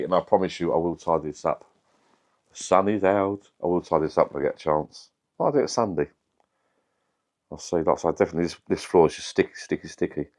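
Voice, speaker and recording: Deep-voiced rambling bloke. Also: male voice, a little mellow. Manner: chatty, rambling, swears casually. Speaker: vlogger. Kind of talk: casual chat to camera.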